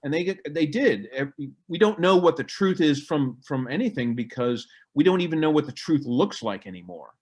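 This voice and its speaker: A middle-aged man, a military historian, talking in a casual podcast conversation with animated delivery and mocking asides. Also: fairly high pitch, moderate pace, hardly any pauses, slightly rough. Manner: animated, mocking impressions of others.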